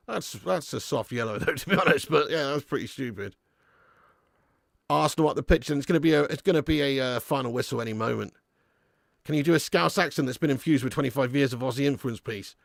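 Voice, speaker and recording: Gravelly excitable football watch-along man. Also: a little high, fast, dry recording, studio quality. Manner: excitable, jumps up at big moments; casual banter with viewers. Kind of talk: live match commentary reading chat.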